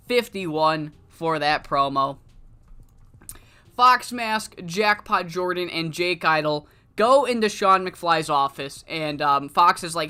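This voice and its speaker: A man's voice: high-pitched, takes it slowly, sharp tone, clean tone. A man narrating a wrestling booking game on a live stream, in a loose, rambling way with fillers and swearing. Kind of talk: casual live-stream commentary.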